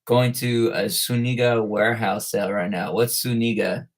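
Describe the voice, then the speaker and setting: A man hosting a casual live stream, speaking in a somewhat low voice. He greets viewers by name, reads out their comments, and talks in a relaxed, rambling way, filling pauses with "like" and "uh". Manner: laid-back, greets viewers by name, lots of "like" and "uh". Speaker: livestream host. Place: at school.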